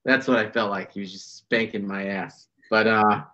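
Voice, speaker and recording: A man telling fishing stories in a casual podcast chat, animated and full of fillers. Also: on the low side. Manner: animated, fast storytelling with fillers. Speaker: podcast guest, bass angler. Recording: dull lo-fi sound.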